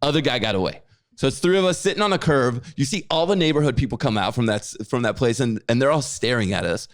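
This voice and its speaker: A man co-hosting a podcast, telling a story with lively acted-out quotes. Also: mid-range voice, quick pace, dry recording, clean studio sound. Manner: animated storyteller, acts out quotes. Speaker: podcast co-host. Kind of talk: casual chat.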